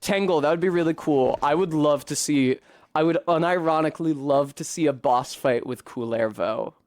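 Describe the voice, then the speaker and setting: A man's voice: fairly high pitch, moderate pace, a little mellow, no echo. A streamer talking through a boss fight, swearing and grumbling at the game as he plays. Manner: swears often, frustrated outbursts at the boss. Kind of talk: casual gameplay commentary. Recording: game music behind the voice.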